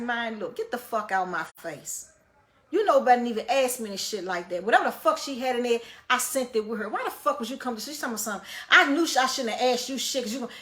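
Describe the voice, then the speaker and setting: Her voice mid-range, this woman vlogger recounts a tale in a frank, profanity-laced, casual style, getting louder and softer as the story unfolds.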